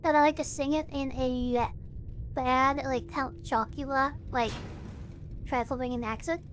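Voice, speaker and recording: A woman's voice: high voice, steady tone, a little slow, a little hiss or hum. A woman streaming a game as a vtuber, chatting in a goofy, self-mocking way and humming along. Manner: goofy and self-mocking, hums and sings along while playing. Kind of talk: casual gaming stream chat.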